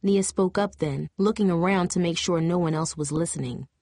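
A woman narrating an audiobook in a steady, even storytelling voice. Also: fairly low pitch, moderate pace, no echo, studio quality.

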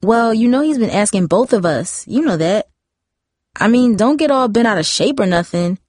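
A defiant teenage girl, as a woman reading a story puts her on, pouty and pushy. Her voice sits higher, in a dry, close recording. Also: expressive, moderate pace, darkish tone, no room sound. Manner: pouty, confrontational teen voice.

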